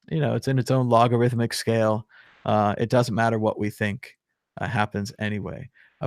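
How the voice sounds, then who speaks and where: A man's voice: medium pitch, no echo, clean studio sound. A man hosting a live online show, chatting casually and reading viewer comments aloud with lots of fillers. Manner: rambling, filler-heavy, reads chat aloud with chuckles. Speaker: crypto show host. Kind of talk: casual live-stream chat.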